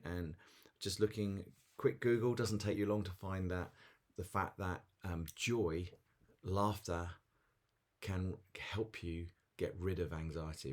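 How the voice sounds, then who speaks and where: A man giving a daily devotional talk as a pastor, earnest and storytelling with small chuckles. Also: sits low.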